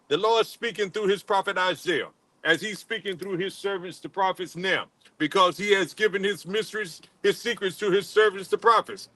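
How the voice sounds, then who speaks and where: A man preaching a sermon in a halting, repetitive way, full of fillers, and calling on another man to read scripture aloud. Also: sits high, pushed and bright, poor audio. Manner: halting, repeats words, many fillers, calls on a reader. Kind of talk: street-style sermon with scripture reading.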